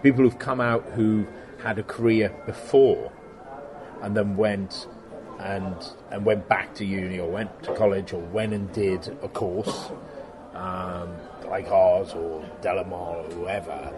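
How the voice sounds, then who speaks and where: A middle-aged man in a casual interview, telling stories about his workshop in an animated way and acting out the exchanges he quotes, laughing often. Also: low voice, unhurried, music in the background. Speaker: guest, special effects workshop owner.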